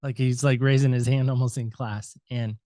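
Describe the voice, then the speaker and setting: A middle-aged American man, a podcast guest, telling a personal story with animated reenacted dialogue and "so anyway" asides. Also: medium pitch, normal speed, no room sound, studio quality. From United States.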